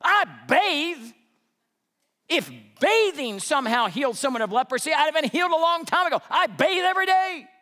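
A man's voice: very high-pitched, expressive, moderate pace, pushed and bright, voice pushed up, full character voice. A man doing an offended, self-important commander. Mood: indignant. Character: indignant proud male army commander, middle-aged.

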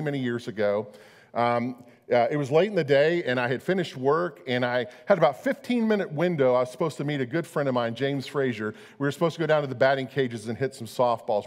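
A middle-aged man preaching a sermon, chatty and storytelling, often repeating his words. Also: mid-range voice. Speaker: pastor. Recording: long hall reverb.

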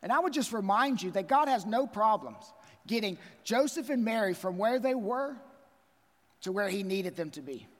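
A man's voice: sits high, lively intonation, moderate pace, in a large hall. A man preaching a sermon as pastor, emphatic and repeating key phrases.

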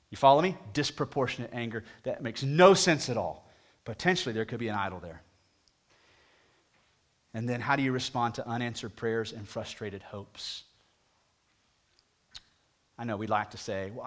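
Man preaching a conversational sermon. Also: fairly bright tone. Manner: conversational, asks the congregation direct questions; rises in pitch and volume at emphatic points. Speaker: pastor.

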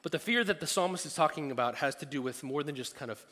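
Bright-voiced pastor preaching in a reverberant hall. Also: male voice, on the high side, fast. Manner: animated, playful asides and acted-out voices. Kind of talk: sermon. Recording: long reverb of a large hall.

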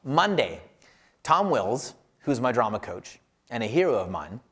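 A man's voice: mid-range voice, sing-song, measured pace, background noise. A man casually telling a self-deprecating personal story, rambling, with many filler words. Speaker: podcast co-host reflecting on scripture.

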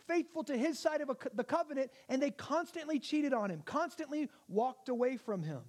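A man's voice: very high-pitched, a little mellow. A male pastor giving a conversational sermon, often checking in with his listeners. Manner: conversational, asks the audience questions.

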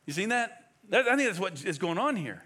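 A man preaching a sermon as pastor, emphatic and animated, firing off rhetorical questions. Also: sits high, brisk, husky.

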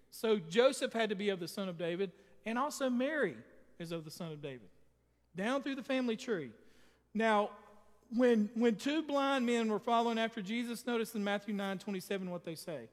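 A man's voice: very high-pitched, lively intonation, fairly quick, big-room sound. A man preaching a sermon, emphatic and speaking straight to his congregation. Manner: emphatic, addresses the congregation directly.

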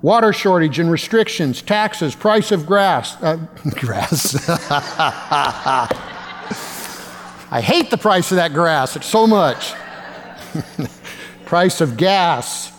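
A man's voice: a little high, animated, extremely slow, pauses often, long reverb tail, a little hiss or hum. A male pastor preaching a sermon in a conversational way, with self-deprecating humor.

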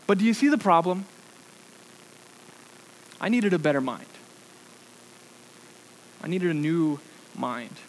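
A young man preaching with an animated story full of fillers, acting out what he said in the past. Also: fairly high pitch, a little hiss or hum, low-quality recording. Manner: animated storytelling with many fillers, acts out his own past lines. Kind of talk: sermon illustration, personal story.

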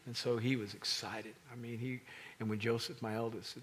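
Husky-voiced man preaching a sermon. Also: mid-range voice, level tone, normal speed, a bit bright.

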